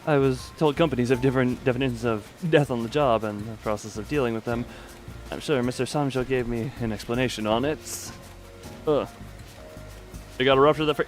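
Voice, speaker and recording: A man streaming a game, chatting loosely and reading dialogue aloud with self-mocking asides. His voice sits at an ordinary mid pitch. Faint music runs underneath. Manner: rambling, self-mocking, reads lines aloud. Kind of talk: casual game commentary.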